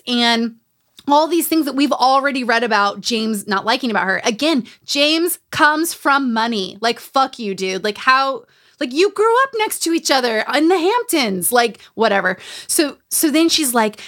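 A woman hosting a casual podcast chat, retelling a memoir with lively, animated storytelling, acting out the quotes and swearing freely. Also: sits high, moderate pace. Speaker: podcast host recapping a memoir.

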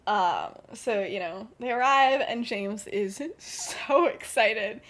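A woman's voice: mid-range voice, slow, a bit bright. A young woman hosting a podcast, rambling through a story in casual chat, giggling and saying "like" a lot. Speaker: podcast host.

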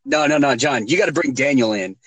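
A man's voice: mid-range voice, expressive, brisk. A man teasing his friends with stories in a casual podcast chat. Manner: wry, teasing storyteller.

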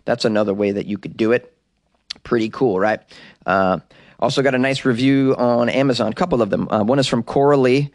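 A man's voice: medium pitch, a little fast, no echo, studio quality. A man, a comedian, hosting his podcast in a chatty, upbeat, rambling monologue.

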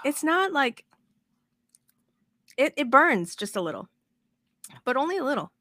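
A woman hosting a podcast in casual chat, excitable and rambling, with the odd swear. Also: high voice, a little slow, no echo. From moved to Texas as an adult. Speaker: podcast host.

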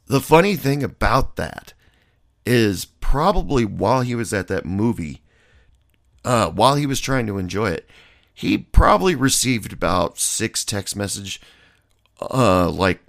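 A man's voice: on the low side, sing-song, measured pace, vocal fry, fairly bright tone, dry recording, studio quality. A man telling a rambling anecdote in a casual monologue, blunt and swearing freely.

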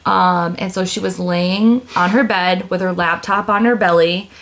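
A young woman hosting a podcast in casual chat, telling animated stories with swearing and frequent laughter. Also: fairly low pitch, measured pace. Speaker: podcast host.

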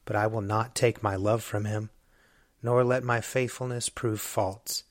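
A man's voice: medium pitch, no echo. Solemn man reciting psalms, dry sound. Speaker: scripture reader. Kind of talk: liturgical reading of psalms.

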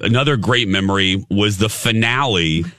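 A man hosting a morning radio show, chatting casually and in an animated way while losing his voice. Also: on the low side, dry recording, clean studio sound. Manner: animated, chatty, quick to laugh. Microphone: studio microphone.

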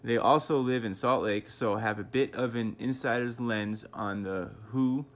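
Boston-accented man co-host, laid-back and swearing, mid-pitched and casual. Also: a little slow. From New England. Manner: profane, laid-back joking. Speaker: podcast co-host. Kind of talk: casual chat.

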